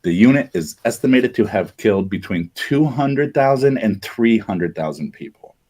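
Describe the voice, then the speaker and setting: A man's voice: on the low side, lively intonation, moderate pace, darkish tone. A man hosting a live talk show, reading out history in a casual, joking way with lots of fillers and restarts. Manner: conversational, jokey asides, frequent fillers and restarts. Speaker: show host presenting research. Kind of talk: casual podcast commentary.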